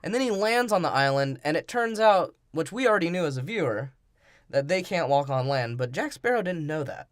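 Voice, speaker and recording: A young man with a slightly high voice, recorded close and dry. He co-hosts a comedy movie podcast, recapping scenes with wry, laid-back quips and easy laughter. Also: lively intonation, fairly quick, no room sound. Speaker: podcast co-host. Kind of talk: casual comedic movie breakdown.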